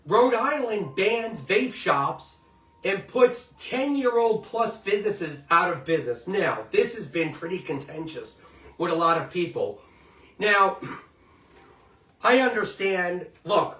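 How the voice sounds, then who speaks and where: A middle-aged man with a high, pushed, bright voice hosts a commentary show, spinning casual, emphatic, rambling stories and often asking listeners to agree. The mic is distant in a roomy space, with faint music behind him.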